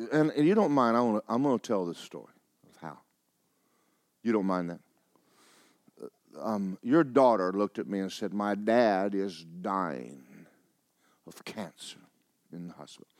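Emphatic preaching pastor, lively pitch. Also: male voice, no echo, studio quality. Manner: emphatic, rising to loud preaching. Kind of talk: sermon.

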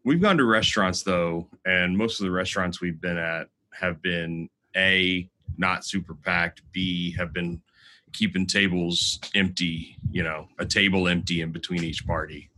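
A man's voice: low-pitched, fairly even intonation, unhurried, bright, forceful tone. A man from Galveston co-hosting a podcast, chatting casually while traveling, swearing freely and laughing often. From Galveston, Texas. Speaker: podcast co-host. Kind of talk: casual chat. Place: rented apartment while traveling.

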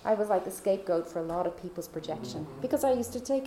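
A woman's voice: medium pitch, animated, quick pace, few pauses, mellow, slight background noise. A woman podcast host telling her personal faith testimony in a heartfelt, confiding way. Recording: roomy echo.

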